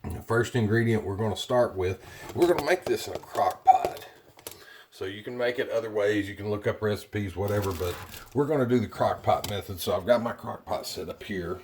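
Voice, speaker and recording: A deep-voiced man walks through a home kitchen recipe in a relaxed, chatty way, often pausing on fillers. His voice sits low. A faint hiss runs under the camera mic. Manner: chatty, plainspoken, with frequent fillers. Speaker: cooking video host. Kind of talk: casual cooking demonstration.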